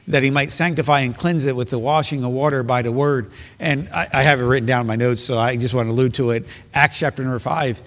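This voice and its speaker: Man, pastor, sermon, emphatic, repetitive stress, reverberant hall. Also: mid-range voice. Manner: earnest, emphatic preaching with repeated phrases.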